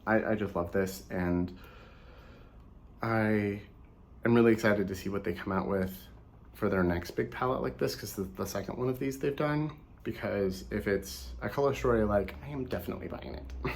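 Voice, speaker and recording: Brief: slightly hoarse man, fairly low voice, rambling chatty makeup vlogger, faint hiss behind. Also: moderate pace. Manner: chatty and rambling, with frequent likes. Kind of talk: casual product review vlog.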